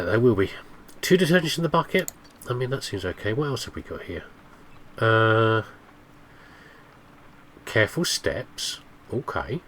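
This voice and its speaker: A British gameplay commentator with a cold rambles chattily through a casual let's play. His mid-range voice sounds nasal and blocked up, and a little hiss or hum sits in the audio.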